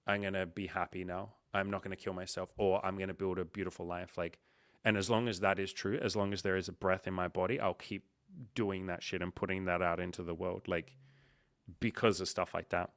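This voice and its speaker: A man hosting a casual livestream, talking in an animated, profane way and acting out the voices he quotes. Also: deep voice, brisk, no room sound, studio quality. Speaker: coach and livestream host.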